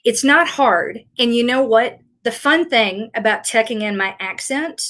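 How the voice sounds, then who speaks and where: This is a woman from rural Tennessee with a Southern lilt, talking through a casual live Q&A as a fitness coach. Her voice sits a little high, and she rambles in an easy, self-mocking way. She sounds middle-aged. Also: expressive, a little slow, fairly bright tone. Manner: chatty, rambling, self-deprecating.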